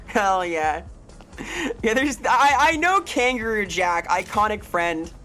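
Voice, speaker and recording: A woman's voice: mid-range voice, very animated, unhurried, fairly bright tone. Playful swearing woman game streamer. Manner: playful, rambling, swears freely, greets chat members. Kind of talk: live game streaming chat.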